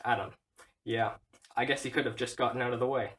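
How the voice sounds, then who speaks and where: A man reading a whole film script aloud, stage directions included, in a flat, steady way. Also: medium pitch, a little fast, recorded from a distance, slight background noise, rough recording. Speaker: reader.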